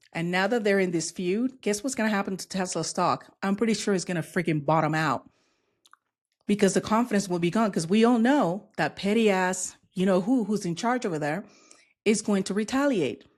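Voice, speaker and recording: An American woman vlogging a casual, outspoken reaction to the news, sassy and gleeful as she comments. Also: on the low side. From United States.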